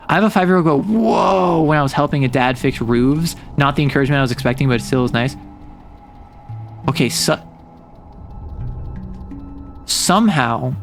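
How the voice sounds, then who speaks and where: A man's voice: medium pitch, moderate pace, long pauses, soft background music. A man chatting casually while streaming a game, rambling and saying "like" often. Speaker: VTuber streamer. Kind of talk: casual gameplay stream commentary.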